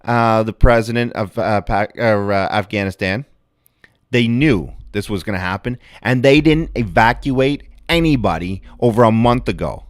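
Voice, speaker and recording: Guy ranting on a livestream, low voice, swears a lot, dry close sound. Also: moderate pace, no echo. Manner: excitable, swearing, rambling, animated outbursts. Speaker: livestream host. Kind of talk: casual livestream commentary.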